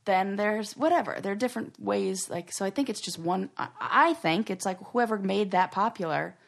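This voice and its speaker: A woman co-hosting a podcast in a casual chat, talkative and quick to offer her own theories. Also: mid-range voice, gravelly. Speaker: podcast co-host.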